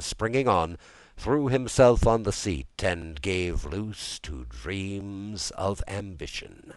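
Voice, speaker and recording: Deep male audiobook narrator, really expressive, lots of pitch movement. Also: dry recording. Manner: expressive, theatrical reading.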